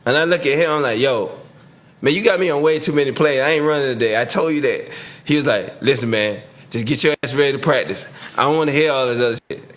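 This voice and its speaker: A man's voice: medium pitch, fast, a bit bright. Laid-back man telling a story. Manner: laid-back storyteller who acts out quotes, laughing as he talks. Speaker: guest, former football player. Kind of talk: casual storytelling.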